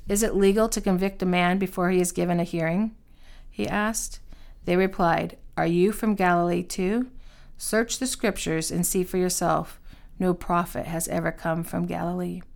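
Woman reading the bible out loud, low-ish voice with a gravelly fry, steady and expressive. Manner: steady expressive reading, lifting pitch for quoted speech. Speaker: Bible reader. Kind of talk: scripture reading.

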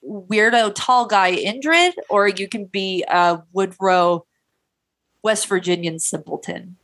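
A woman's voice: mid-range voice, slow pace, a bit bright. English woman, podcast co-host, casual chatty storyteller with fillers.

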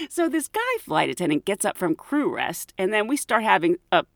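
A woman who works as a flight attendant tells a funny work story as a podcast host, animated and laughing often. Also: on the low side, gravelly, no room sound, studio quality. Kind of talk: casual storytelling chat.

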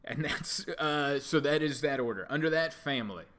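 A man doing a stand-up comedy routine, telling a rambling deadpan story with restarts and asides. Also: on the high side, moderate pace. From United States.

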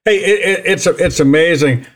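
A man's voice: a little high, normal speed. A man hosting a fishing podcast in a casual chat, talking freely and often repeating words as he restarts. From Northern Illinois. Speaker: podcast host.

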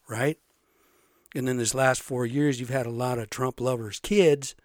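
A man with a sore, slightly raspy throat, ranting bluntly and profanely in a casual monologue, tagging lines with "right?". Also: mid-range voice, darkish tone, no room sound, clean studio sound. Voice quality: a little raspy.

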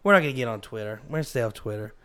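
A man's voice: mid-range voice, animated, rapid-fire, a bit bright, smooth. A man co-hosting a podcast in casual chat, eager and teasing, often repeating himself. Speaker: podcast co-host.

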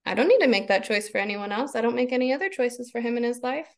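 Podcast guest, woman, 30s; raspy fry, lively and expressive, voices her own thoughts. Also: on the high side, quick pace. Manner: expressive, laughs often, acts out her own inner voice. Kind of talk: casual conversation.

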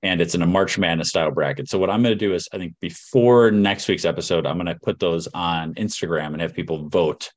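A man's voice: sits low, brisk, few pauses. A man hosting a podcast in an easygoing, rambling chat. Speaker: podcast host.

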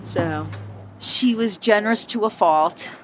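A woman's voice: takes it slowly, slight background noise. A woman, a former bartender, telling stories in an interview and acting out the people she quotes. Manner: animated, acts out quoted voices with sharp pitch jumps. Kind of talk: storytelling interview.

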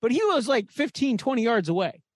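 A man's voice: very high-pitched, very animated, fairly quick, no echo, clean studio sound. A man co-hosting a podcast, telling a story in casual chat and swearing freely. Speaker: podcast co-host.

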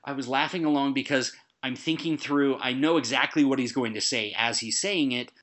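A man in casual conversation about a film, animated and quick to laugh. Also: mid-range voice.

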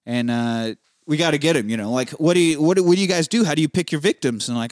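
A man's voice: on the high side, quick pace, hardly any pauses, dry recording, studio quality. A man casually recapping a film as a podcast host, swearing freely and acting out the characters' lines. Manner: profane, acts out characters' lines.

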